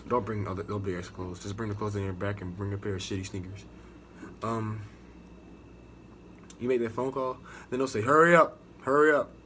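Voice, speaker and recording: A young man with an American accent talks straight to the camera, swearing freely and doubling back on himself as he tells his story. His voice sits a little low, and a faint hiss of noise runs under it. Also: fairly even intonation, fairly quick, long pauses. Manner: profane, rambling, restarts a lot. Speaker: navy recruit sharing experience. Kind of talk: casual storytelling vlog.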